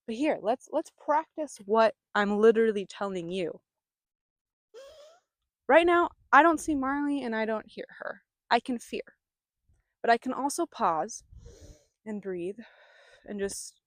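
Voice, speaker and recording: A woman who hosts a spiritual vlog, speaking outdoors in a calm, soothing way with bursts of mock panic. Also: on the high side, unhurried, pauses often, no echo, studio quality. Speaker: spiritual guide and channeler. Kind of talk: casual spiritual talk to camera.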